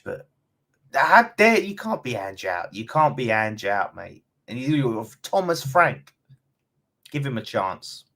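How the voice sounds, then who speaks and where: Calling everyone mate, an Essex-accented man with London tones runs a casual fan live stream and reads viewer comments bluntly and chattily. His voice is mid-range and a bit bright.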